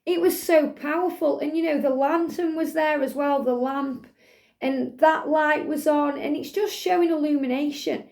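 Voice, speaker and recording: A middle-aged woman gives a spiritual tarot reading in a soft, soothing way, sometimes half-singing lyrics. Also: sits high, fairly even intonation, moderate pace, creaky. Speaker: tarot reader.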